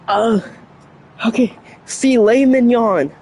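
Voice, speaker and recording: On a livestream, a young adult chats casually in a high, animated voice, taking things slowly with long pauses. They stumble over words, make fun of themself, and laugh often between lines, over a slight hiss or hum.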